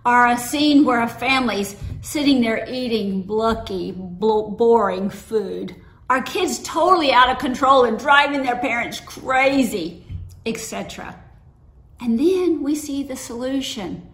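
A woman's voice: a little high, lively intonation, a little slow, fairly bright tone. A woman giving a sermon in a conversational, storytelling way, with personal anecdotes. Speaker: preacher. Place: church sanctuary. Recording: roomy echo.

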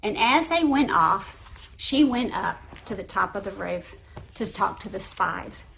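A middle-aged woman preaching a sermon, telling a story with lively acted voices. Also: mid-range voice, a little slow, vocal fry, a little hiss or hum. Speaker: pastor.

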